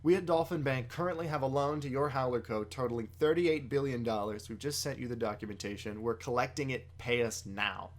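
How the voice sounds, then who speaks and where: A man's voice: mid-range voice, a little fast, hardly any pauses, natural voice. A man reading as a cold formal banker.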